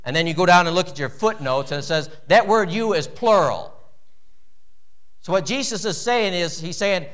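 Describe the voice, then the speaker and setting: A man preaching a sermon in a church, animated, with wide swings in pitch and loudness. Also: normal speed. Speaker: pastor.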